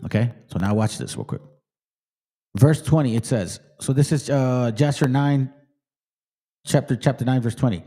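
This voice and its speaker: A man's voice: medium pitch, moderate pace, long pauses, warm tone. A man hosting a Bible study commentary, emphatic and streetwise, who keeps checking in with the listener. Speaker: host.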